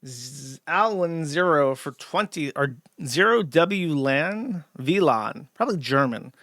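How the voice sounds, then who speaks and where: A man's voice: fairly high pitch, animated, takes it slowly, a bit bright, no room sound, clean studio sound. A man reading out viewer donations on his livestream and answering them in a blunt, profane, sardonic way. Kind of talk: casual livestream chat.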